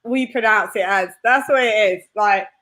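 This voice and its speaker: A woman's voice: medium pitch, moderate pace, a bit bright. A woman from the United Kingdom hosting a live stream, bubbly and chatty, laughing often. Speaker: host. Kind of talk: casual live-stream chat.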